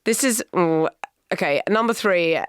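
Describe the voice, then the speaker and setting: A woman's voice: lowish voice, a little slow, clear, resonant tone, no room sound, clean studio sound. A middle-aged woman co-hosting a podcast in casual chat, giving wry, opinionated takes and laughing between points. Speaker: podcast co-host.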